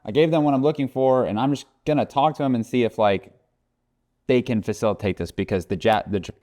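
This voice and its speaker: A man's voice: mid-range voice, brisk, a little mellow. A man vlogging casually, joking around, swearing often and rambling. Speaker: car vlogger. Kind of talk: casual vlog talk.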